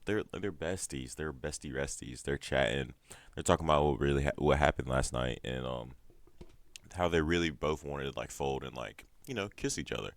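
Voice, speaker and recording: A man's voice: extremely low pitch, moderate pace, no echo. A man casually recapping a TV series episode, profane and laughing often. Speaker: show recap vlogger.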